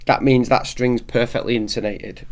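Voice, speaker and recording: A man's voice: medium pitch, fairly even intonation, normal speed. A man giving a casual, step-by-step guitar setup tutorial, often restarting his sentences. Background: guitar playing.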